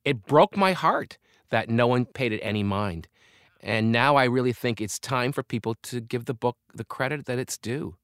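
A man in his fifties, a comedian and author, talks candidly and reflectively as an interview guest, now and then breaking into lively bursts of laughter. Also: medium pitch, normal speed, clean tone, dry recording, clean studio sound. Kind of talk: conversational interview.

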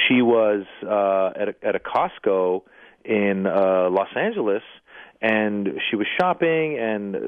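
A man with a low-set voice tells anecdotes as a radio interview guest, slipping into the voices of the people he quotes. His line comes through thin and tinny, like a phone call, with a completely dry sound. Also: no room sound. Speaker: comedian and actor, interview guest.

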